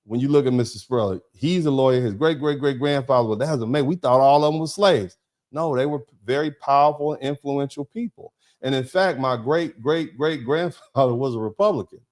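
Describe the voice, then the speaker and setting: A man hosting a live online show, thanking viewers by name and reading their chat comments. He talks in a conversational, emphatic way, often asking "you see what I'm saying", with halting restarts and drawn-out fillers. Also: mid-range voice, a little mellow. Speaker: host of a live show, a lawyer.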